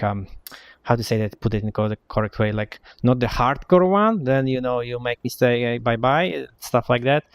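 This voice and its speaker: A man in casual voice chat as a raid guild applicant, earnest and agreeable, halting and searching for words with many restarts. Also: mid-range voice, gravelly, smooth, no room sound.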